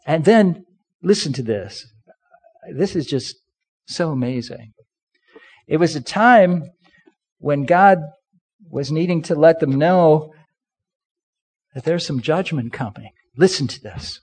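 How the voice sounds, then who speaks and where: Middle-aged preacher guy, high voice, slow and deliberate, gets loud then drops way down. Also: lively intonation. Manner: preaching with call-and-response, rising to loud emphatic peaks then dropping low. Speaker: pastor. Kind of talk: sermon.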